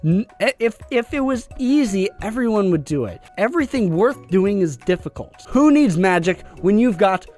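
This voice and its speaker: A gruff, proud old chef holding forth in a thick Southern drawl, put on by a man. He lectures in a folksy, preachy way, his voice lifted and lively. It is a game read aloud. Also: high-pitched, normal speed, hardly any pauses, faint music behind, pitched above the performer's own voice.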